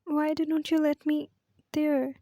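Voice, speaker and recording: A distraught young woman who pleads and argues, as a woman reads her lines. Her voice is high and flat, with a mellow tone. It sounds dry and close. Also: slow pace, dry recording. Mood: upset. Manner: pleading, upset, defiant.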